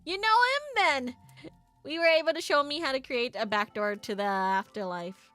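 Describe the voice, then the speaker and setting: A woman's voice: high-pitched, expressive, normal speed, fairly bright tone, faint music behind. A woman voicing a bumbling middle-aged male builder. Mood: chummy. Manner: rambling, flustered dialect storytelling. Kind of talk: voicing game dialogue for stream.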